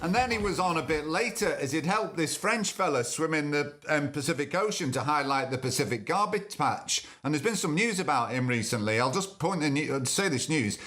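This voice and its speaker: Sarky guy hosting a comedy podcast, kinda high voice. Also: expressive, moderate pace, hardly any pauses, fairly bright tone, faint music behind. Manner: dry, sarcastic, rambling. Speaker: podcast host.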